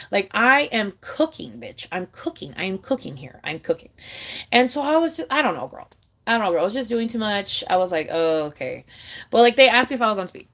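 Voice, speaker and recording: Young woman ranting in a fast, swearing way. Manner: swearing, rambling, animated, with big jumps in pitch and loudness. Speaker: vlogger. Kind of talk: casual rant to camera.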